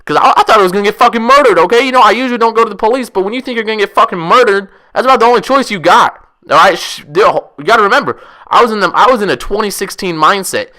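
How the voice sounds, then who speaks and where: A young man telling a wild story casually, profane, rambling and excitable. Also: high-pitched, fast talker. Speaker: vlogger.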